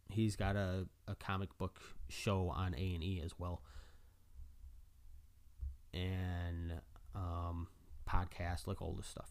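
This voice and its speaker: Gravelly low-voiced excited fanboy. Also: male voice. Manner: excited fanboy, many fillers and restarts. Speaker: vlogger and comic collector. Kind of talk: casual rambling talk to camera.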